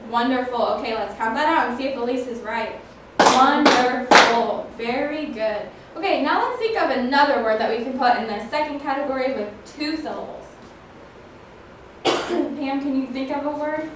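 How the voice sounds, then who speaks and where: A woman's voice: high voice, moderate pace. A woman teacher leading a phonics lesson, praising her pupils and stretching words out to count their syllables. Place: classroom. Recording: echoey classroom, voice from a distance, faint noise.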